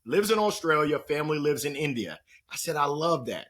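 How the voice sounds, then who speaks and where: A man with a husky, somewhat raised voice tells stories on a podcast, swinging his pitch widely as he goes. He talks like a motivational speaker and slips into playful impressions of the people he quotes. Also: sing-song, a little fast, fairly bright tone. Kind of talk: energetic storytelling conversation.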